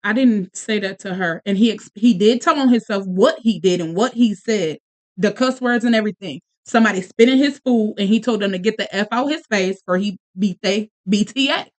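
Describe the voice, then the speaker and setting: A woman in her thirties, a podcast host and mother, telling a story in casual chat with quick bursts, restarts and asides. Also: mid-range voice.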